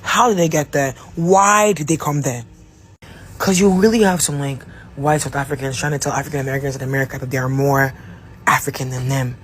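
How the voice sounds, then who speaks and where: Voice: medium pitch, fairly quick, a bit bright, slight background noise. A person in a commentary video, indignantly firing off rhetorical questions.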